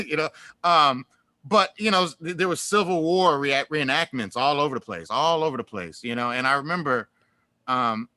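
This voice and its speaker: Bright-voiced man telling rambling stories. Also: fairly high pitch, dry recording. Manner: rambling storyteller, many fillers and restarts; animated, laughs through stories. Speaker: guest musician. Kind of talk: casual interview chat.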